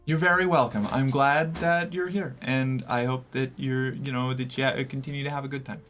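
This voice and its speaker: A man's voice: a little high, moderate pace, fairly bright tone, faint music behind. A young man from the US Northeast streaming and chatting casually with viewers, talkative and rambling with many fillers. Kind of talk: casual chat reading viewer messages.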